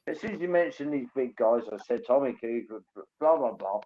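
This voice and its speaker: A man's voice: medium pitch, expressive, brisk, dark tone, dull audio. A man from England, telling rambling, enthusiastic stories in casual chat.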